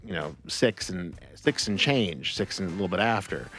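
A man's voice: sits low, expressive, normal speed, fairly bright tone, faint music behind. A man from the United States hosting a radio show, chatting casually and rambling with many restarts. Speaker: radio host. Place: radio studio.

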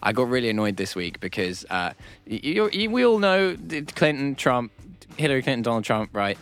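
A man's voice: mid-range voice, fairly quick, faint music behind. A young man co-hosting a comedic panel chat, ranting and joking. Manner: ranting, joking, lively delivery. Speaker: co-host.

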